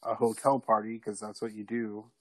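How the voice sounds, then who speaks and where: A man telling a personal story in a casual, animated way, swearing freely. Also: lowish voice, normal speed, dry recording, rough recording. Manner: animated, profane, acts out quoted people loudly.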